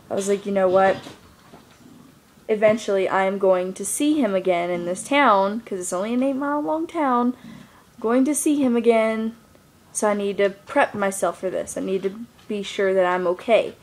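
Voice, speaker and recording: A young woman speaks casually into her camera, rambling through a personal story. Her talk is loose and full of fillers, with a middling voice. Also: mid-range voice. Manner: rambling, lots of fillers like "like" and "you know". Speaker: vlogger.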